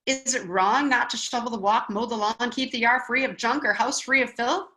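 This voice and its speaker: A woman teaching a spiritual wisdom class in a lively lecture style, often checking in with her listeners with "okay?". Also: a little high, moderate pace, poor audio. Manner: animated, checks in with frequent "okay?".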